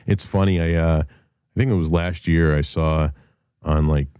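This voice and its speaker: A man's voice: extremely low pitch, steady tone, normal speed, dark tone, smooth, no echo, studio quality. A middle-aged man, a rock musician hosting a show, talking in a casual solo monologue, blunt, profane and passionate, rambling with restarts.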